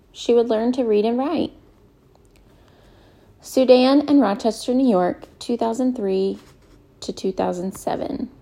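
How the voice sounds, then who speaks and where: A woman narrates a novel in a calm, measured way. Her voice is mellow and dark, with a gravelly edge of fry. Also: fairly high pitch. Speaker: audiobook narrator. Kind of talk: scripted narration.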